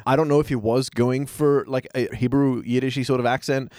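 A man with an average-pitched voice speaks as a podcast guest. He is sardonic and swears constantly, sounding offended, and the dry close mic picks up no room at all. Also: steady tone, a little fast, darkish tone, dry recording. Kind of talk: casual podcast chat.

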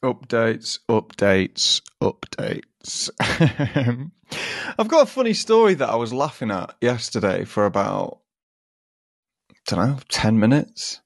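A man with an animated, up-and-down voice tells a funny story in relaxed podcast chat. He laughs often and acts out the people in it. The sound is close and dry. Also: medium pitch, measured pace, pauses often, no room sound. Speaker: podcast co-host.

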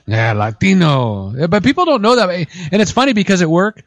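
A man hosting a casual radio talk show, telling lively stories and taking calls. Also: high-pitched, fast talker, no room sound. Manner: animated storyteller, mimics voices.

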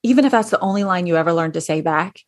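A middle-aged woman talks parents through handling their kids, in a somewhat low voice. She rambles in a chatty way, full of fillers and restarts. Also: animated, fast talker. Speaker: school educator advising parents. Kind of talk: casual advice talk.

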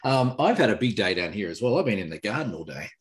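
Guy in his thirties, co-host, rapid easygoing delivery, lower voice. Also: big pitch swings. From Australia. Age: 30s. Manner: quick, jokey, laughs easily. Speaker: podcast co-host. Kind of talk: casual live-stream chat. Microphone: video call.

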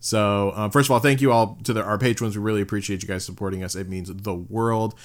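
A man's voice: fairly low pitch, steady tone, quick pace. A man hosting a podcast, loose and joking, laughing often as he reads out plugs. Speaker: podcast host. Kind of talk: casual chat.

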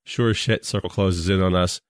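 Deep-voiced laid-back man. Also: steady tone, a little fast, clean tone, no echo, clean studio sound. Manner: laid-back storyteller, chuckles often. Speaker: podcast co-host. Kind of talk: casual podcast chat.

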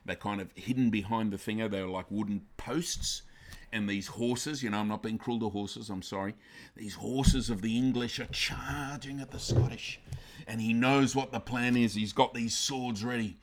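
A male pastor preaching a sermon emphatically, swinging from loud bursts down to quiet, intense lines. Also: fairly low pitch, fairly even intonation, moderate pace.

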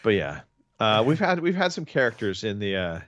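Low-voiced man rambling on a podcast. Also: big pitch swings, moderate pace, fairly bright tone, dry recording. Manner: rambling, restarts often. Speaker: podcast host. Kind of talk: casual chat.

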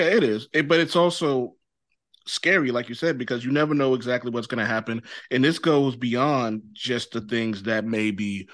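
A man hosts a laid-back podcast chat at a middle pitch, rambling loosely from one thought to the next. His voice is close and dry with no room sound around it. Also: no room sound. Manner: loose and rambling, often adding "you know what I mean". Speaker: podcast host. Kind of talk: casual chat.

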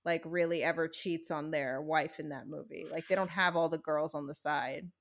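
A woman's voice: deep voice, steady tone, moderate pace, slight background noise. A young adult woman co-hosting a casual chat, explaining things at length in a blunt way and swearing casually.

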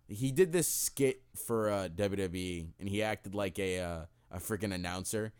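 A man's voice: lowish voice, unhurried, hardly any pauses, clear, resonant tone. A young man co-hosting a podcast in a casual, profane, joking chat. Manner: animated, profane, jokey. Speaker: podcast co-host.

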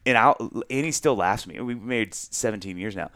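A man's voice: on the low side, quick pace, fairly bright tone, no room sound, clean studio sound. A man, telling a funny personal story in a casual, self-mocking chat full of restarts. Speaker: guest.

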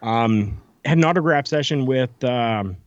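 A man tells stories at a lively clip and acts out what other people said, his voice jumping up when he quotes them. The sound is dull and lo-fi with a dry, close feel. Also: medium pitch, unhurried, no room sound. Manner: animated storyteller, acts out quotes. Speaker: podcast guest telling stories. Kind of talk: casual chat.

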